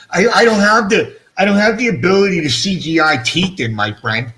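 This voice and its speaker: A man's voice: high-pitched, expressive, normal speed, sharp tone, slight background noise. A middle-aged man hosting a casual fish-keeping livestream, rambling and self-mocking, swearing freely, his speech shaped by missing front teeth. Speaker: fish-keeping channel host.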